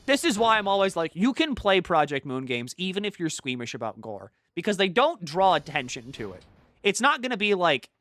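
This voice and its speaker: A male streamer chatting casually while playing a game, rambling and excitable, swearing freely. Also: high-pitched, brisk, no echo. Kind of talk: casual gaming-stream chat.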